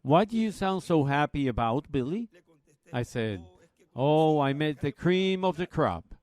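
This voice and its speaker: A man preaching a Bible study, slowly retelling a story and quoting others in a plain, folksy way. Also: a little high, big pitch swings, a little mellow.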